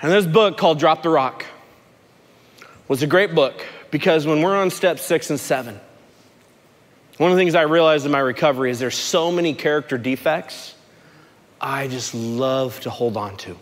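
A man preaching a sermon to a recovery group, telling a story with lively swings from shouting to soft, low speech. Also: moderate pace, long pauses, in a large hall. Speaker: pastor at a recovery ministry. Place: large room with a gathered group.

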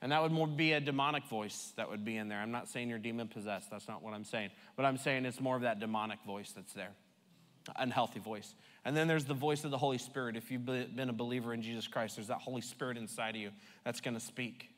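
Conversational pastor in a reverberant hall. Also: male voice, medium pitch, fast, fairly bright tone. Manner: conversational, emphatic, with playful repetition. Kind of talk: sermon. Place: church sanctuary.

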